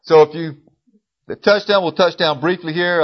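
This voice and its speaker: A man teaching a casual Bible class in a church classroom. He clears his throat often and corrects himself as he goes. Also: a little high, steady tone, normal speed. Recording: dull lo-fi recording.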